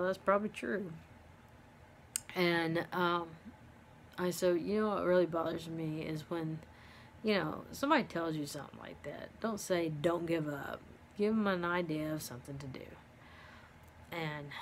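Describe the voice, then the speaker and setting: A middle-aged woman telling a personal story, pausing often with ums and restarts. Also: lowish voice, slight background noise. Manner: halting, many ums and restarts. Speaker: vlogger living with dementia.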